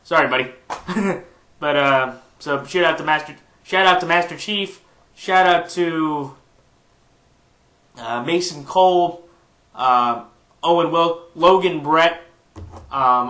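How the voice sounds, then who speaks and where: A man's voice: fairly high pitch, bright, forceful tone. Stuffy-nosed man in an echoey room. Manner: rambling, with frequent fillers and restarts. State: stuffed-up nose. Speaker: sports picks YouTuber. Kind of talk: casual sports prediction monologue.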